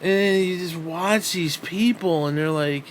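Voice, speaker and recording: A man's voice: high-pitched, unhurried, slight background noise. A man hosting a podcast, ranting angrily and bitterly with lots of swearing. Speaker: podcast host. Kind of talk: angry profane rant.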